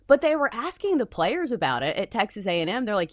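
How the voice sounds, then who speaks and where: A woman co-host speaks bluntly and with opinion, her voice rising and falling in a lively way. The recording is dry and close. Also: a little high, quick pace, few pauses, no echo. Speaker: sports show co-host. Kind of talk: casual sports chat.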